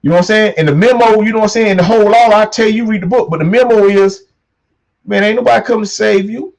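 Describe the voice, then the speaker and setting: A man hosting his own show, delivering a loose motivational monologue, swearing a lot and repeating catchphrases, punching key lines loudly. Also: sits high, fast, gravelly, low-quality recording. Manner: preachy, swearing, repeats "you know what I'm saying", punches lines loudly. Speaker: show host.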